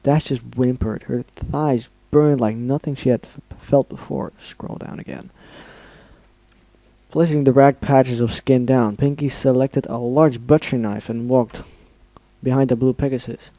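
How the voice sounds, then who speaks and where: A man's voice: mid-range voice, fairly even intonation, moderate pace, mellow, no room sound, rough recording. A young man reading fan fiction aloud as an amateur dramatic reading, often stumbling over words and correcting himself.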